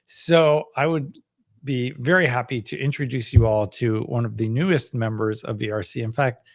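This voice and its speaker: A man's voice: medium pitch, moderate pace. A middle-aged man, a fertility doctor hosting a live Q&A, talking in a chatty, upbeat way with many fillers and easy laughter. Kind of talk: casual live-stream chat.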